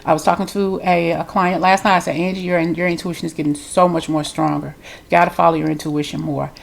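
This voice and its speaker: A woman's voice: lowish voice, little pitch movement, fairly quick, vocal fry. A woman with a congested voice, giving a chatty, loose spiritual reading straight to her viewers. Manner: chatty, loose, repeats herself. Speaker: tarot reader.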